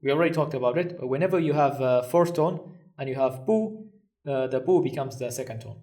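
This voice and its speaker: A man teaching a recorded language lesson, patiently repeating each phrase slowly and then translating it. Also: medium pitch, expressive, darkish tone, distant mic.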